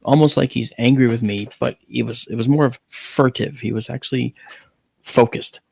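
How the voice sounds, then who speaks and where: A man with a gravelly, fry-edged voice in the middle pitch range recounts a personal story as an interview guest. He talks in an animated way, jumping up in pitch on exclamations, and his wording is blunt with mild swearing. The recording is dry and close, with no room sound. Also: moderate pace, dry recording.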